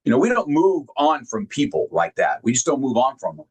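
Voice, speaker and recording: A man giving a heartfelt motivational talk, sharing personal stories earnestly and emphatically, often halting and repeating words when moved. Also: medium pitch, big pitch swings, slightly rough. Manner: emphatic, directly addresses listeners. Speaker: motivational speaker.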